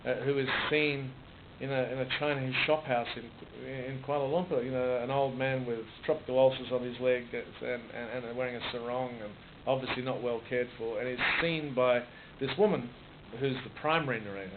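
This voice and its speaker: A man's voice: mid-range voice, fairly even intonation, fairly quick, few pauses. An Australian author in his sixties reflecting on his writing in a conversational interview, with many restarts and repeated words. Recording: muffled phone-like recording with noise.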